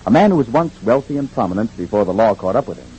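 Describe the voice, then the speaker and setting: A man's voice: fairly low pitch, fast, dull audio, a little hiss or hum. A man announcing and narrating a recap for an old-time radio show in scripted narration. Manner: lively dramatic announcing.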